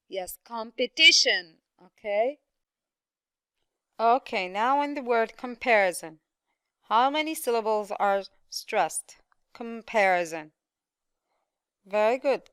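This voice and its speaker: Slow, crisp-voiced woman teaching pronunciation. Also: a little high, dry recording. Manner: slow, carefully stressed words, often repeats. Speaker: English teacher. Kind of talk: pronunciation lesson.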